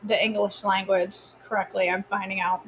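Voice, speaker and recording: A woman's voice: mid-range voice, level tone, normal speed, slight background noise. A woman with a Maine accent hosts a live cooking stream from her home kitchen. She chats casually and teasingly, answering viewers by name as she cooks.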